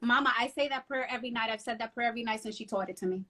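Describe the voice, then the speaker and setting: A middle-aged woman from New Jersey, a guest telling animated stories in a casual interview and mixing in Spanish phrases. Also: on the high side, rapid-fire, slight background noise. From Union City, New Jersey.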